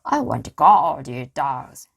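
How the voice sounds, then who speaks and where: A woman reading a storybook aloud and voicing a greedy, gruff male pirate captain who roars and growls threats. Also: rumbling low, lively intonation, takes it slowly, voice pushed down, heavily acted. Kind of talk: read-aloud storybook voices.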